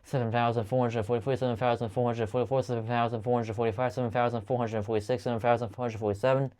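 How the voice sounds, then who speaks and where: A man counting aloud at length, stumbling and restarting often as he goes. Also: mid-range voice. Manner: rapid steady counting with frequent stumbles and restarts. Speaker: channel host counting aloud. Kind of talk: long monotone counting video.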